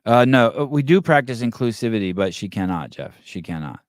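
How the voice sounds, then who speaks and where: A man's voice: medium pitch, very animated, fairly quick, no room sound, clean studio sound. A middle-aged man hosting a podcast in casual chat, profane and joking, telling stories with voiced quotes. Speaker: podcast host.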